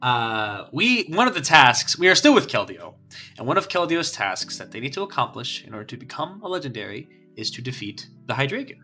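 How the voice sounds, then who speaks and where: A man's voice: medium pitch, very animated, a little fast, pushed and bright, faint music behind. A man co-hosting a casual podcast, laughing often and poking fun at himself. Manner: laughing, self-mocking. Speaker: podcast co-host. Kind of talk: casual chat.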